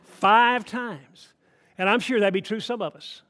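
Older man, pastor, high voice, folksy emphatic sermon. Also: steady tone, measured pace, bright, forceful tone. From Atlanta, Georgia. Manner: folksy, emphatic preaching with asides to the congregation.

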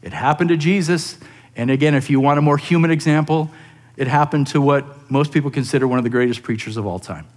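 A man preaching a sermon on a psalm, earnest and rising into animated emphasis, often repeating words as he goes. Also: on the high side, quick pace. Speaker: pastor.

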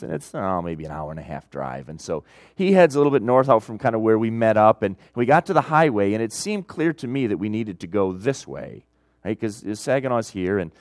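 A middle-aged man preaches with a lively, swinging pitch, telling stories and leaning into emphasis before dropping to quiet asides. His voice sounds close and dry, with no room echo around it. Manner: storytelling, animated, swings between loud emphasis and quiet asides. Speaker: pastor. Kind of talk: sermon.

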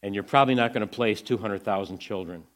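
Low-voiced man telling an inspiring story. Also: quick pace. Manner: earnest storyteller, swings from hushed to excited. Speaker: ministry speaker presenting to a church audience.

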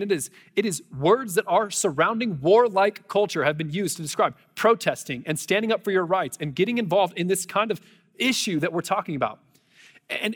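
A man's voice: high-pitched, a bit bright, slightly rough, long reverb tail. A man preaching a sermon to a congregation, earnest and conversational, with storytelling asides. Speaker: pastor. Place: church sanctuary before a congregation.

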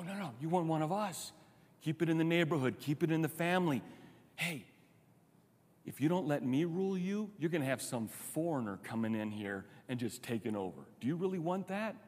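A man's voice: high-pitched, husky, voice pushed up. A man voicing a scheming ancient male ruler, coaxing his kin in a conspiratorial tone. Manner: coaxing, conspiratorial, rhetorical questions. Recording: long hall reverb.

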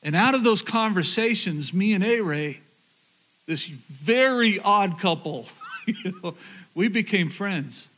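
High-voiced Southern pastor telling stories. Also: male voice, animated, slow, bright, forceful tone. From rural Oklahoma, USA. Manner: earnest, repeats words, addresses the crowd. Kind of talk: storytelling sermon.

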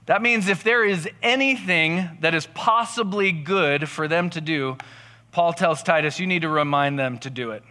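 A man preaching in a relaxed, chatty way, mixing self-deprecating personal stories into his teaching. His voice sits a little high and sounds bright and forceful. Long reverb trails after his words, as in a large room. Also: normal speed. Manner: conversational, self-deprecating storytelling. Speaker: pastor. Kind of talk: casual sermon with personal stories.

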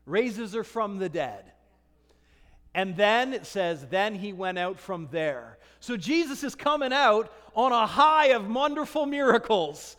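A man with a very high voice delivers a lively sermon, reading scripture and acting out its voices. His words carry a long reverb, as if recorded in a large church hall. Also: a little slow. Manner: animated preaching, acting out scripture dialogue. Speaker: pastor.

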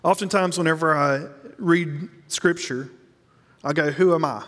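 A man preaching a sermon as pastor, earnest, slowing down to stress key lines. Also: a little high, a bit bright, long reverb tail.

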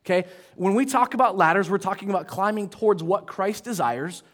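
A man's voice: sits high, brisk, a bit bright. A man in his forties preaching a sermon to his congregation in a church, chatty and self-deprecating, with frequent asides to the room. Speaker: pastor. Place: church auditorium.

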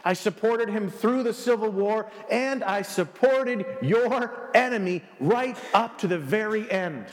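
A man voicing a scheming, ambitious ancient king who slowly and grandly pledges his loyalty. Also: high voice. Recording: long reverb of a large hall.

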